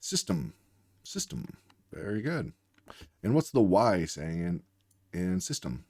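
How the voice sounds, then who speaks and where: A man's voice: fairly low pitch, big pitch swings, unhurried, vocal fry, mellow, dry recording, clean studio sound. A man working as a reading tutor, patiently explaining word spellings while acting out both teacher and student. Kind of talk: instructional demonstration.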